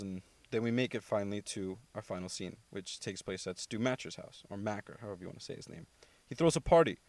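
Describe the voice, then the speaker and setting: Casual male podcast host, chatty and rambling, mid pitch, dry close recording. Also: no echo. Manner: chatty, rambling, many fillers and self-corrections; mimics characters with animated pitch jumps. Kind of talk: casual movie review monologue.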